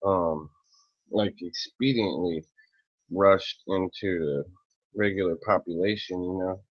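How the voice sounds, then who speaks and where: Slow, low-voiced man ranting profanely. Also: no room sound. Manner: profane, rambling, with frequent throat clearing. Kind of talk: casual angry rant to camera. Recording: dull lo-fi, dry close sound.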